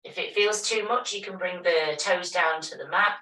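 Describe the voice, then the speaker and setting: A woman teaching a yoga class, giving calm, step-by-step movement and breathing cues. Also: lowish voice, moderate pace. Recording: echoey room, voice from a distance.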